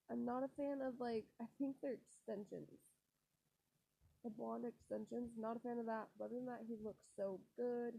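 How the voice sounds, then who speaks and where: A woman's voice: on the high side, vocal fry, dark tone, husky, low-quality recording. A young woman hosting a casual chat show, rambling and gushing with many fillers and restarts. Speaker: podcast host. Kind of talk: casual chatty commentary.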